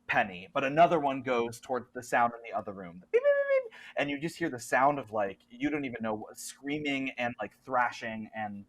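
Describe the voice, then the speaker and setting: The game master narrates a tabletop horror game in a halting way, full of fillers and restarts. The voice sits at a middling pitch.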